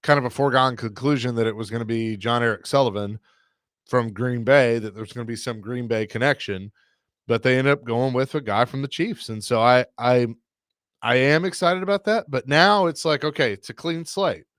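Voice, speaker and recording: A man's voice: mid-range voice, normal speed, fairly bright tone, no echo. Radio sports guy ranting his take, restarts a lot, pretty dry sound. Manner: opinionated, rambling with restarts. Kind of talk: casual sports talk.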